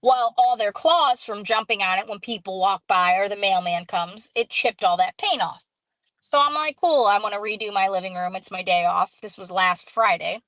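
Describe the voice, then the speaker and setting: A woman hosting a casual live stream, telling a story in an animated way, acting out quoted dialogue and greeting viewers as she goes. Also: mid-range voice, moderate pace, no room sound, low-quality recording.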